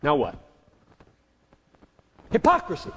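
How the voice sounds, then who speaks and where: A man's voice: takes it slowly, pushed and bright, long reverb tail. A man answering audience questions as a pastor, speaking emphatically and repeating key words for force. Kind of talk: live Q&A teaching.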